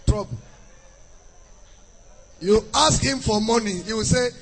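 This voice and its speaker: A man's voice: high-pitched, slow, slight background noise. A man preaching a sermon, emphatic and sing-song, repeating key phrases. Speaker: pastor. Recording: long hall reverb with faint music.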